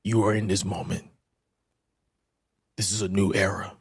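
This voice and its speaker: Brief: man impersonating a hushed, persuasive wrestling boss, low-key and dry. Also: moderate pace, slightly rough, dry recording. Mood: coaxing. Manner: calm, low, coaxing, fading to a whisper. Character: impression of a calm older male wrestling executive.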